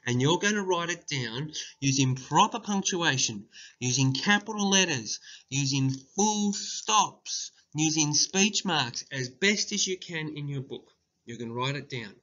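A man, a primary school teacher giving a slow, deliberate dictation lesson and calling out the punctuation. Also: a little high, sharp tone. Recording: dull lo-fi recording.

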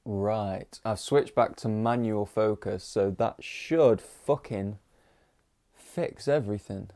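A man's voice: lowish voice, takes it slowly, mellow. A man hosting a music reaction video, talking casually, joking and swearing freely.

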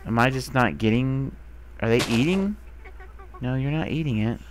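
A young man giving casual commentary while playing a video game, who talks to the animals he finds and gets excited, sometimes swearing. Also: medium pitch, moderate pace. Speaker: gamer. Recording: faint background noise.

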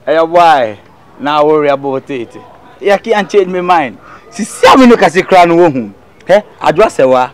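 An actor in a comedy skit playing an excitable man with a Ghanaian accent who yelps and squeals as he teases a student. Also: a little high, moderate pace, lightly acted. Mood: mocking. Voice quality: squealing, yelping. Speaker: comic character.

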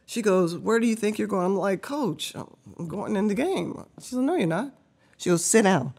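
A middle-aged woman, a podcast guest, telling an animated story, laughing often and acting out the voices of people she quotes. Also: mid-range voice, normal speed, vocal fry, breathy edge.

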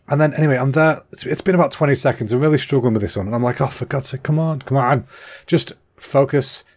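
A man's voice: medium pitch, darkish tone. Chatty sweary man. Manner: chatty, self-deprecating, sweary. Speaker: comedy podcast host. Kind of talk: rambling comic storytelling.

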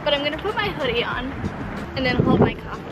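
A young woman in her twenties chatting casually to camera in a vlog, bubbly and quick to laugh. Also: high voice, animated, over loud music. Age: 20s. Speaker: vlogger.

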